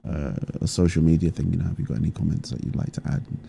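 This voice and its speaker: A man co-hosting a show, chatting casually in a jokey, animated way. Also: sits low, very fast, creaky, slight background noise. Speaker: co-host. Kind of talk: casual chat.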